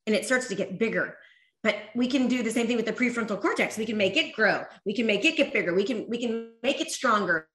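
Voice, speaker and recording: A woman giving an energetic motivational talk to a live audience, repeating phrases and rallying the crowd to join in. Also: a little high, fast. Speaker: motivational speaker. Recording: echoey room.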